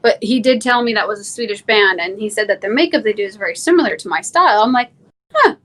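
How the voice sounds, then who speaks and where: A woman chatting as an interview guest, talking quickly and laughing easily. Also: medium pitch, expressive, a bit bright. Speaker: guest, content creator. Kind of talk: casual interview chat.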